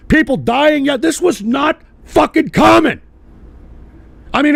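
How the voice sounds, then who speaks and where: Older male radio host, high gravelly voice, profane angry rant, dry close sound. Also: dry recording. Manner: angry, profane, shouting at times. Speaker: podcast host.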